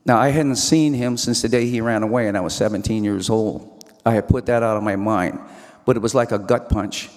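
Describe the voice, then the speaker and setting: A man's voice: lowish voice, steady tone, a little fast, a little mellow. A man giving an earnest talk about his life, recalling scenes and quoting dialogue as a storyteller. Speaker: speaker. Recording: hall reverb.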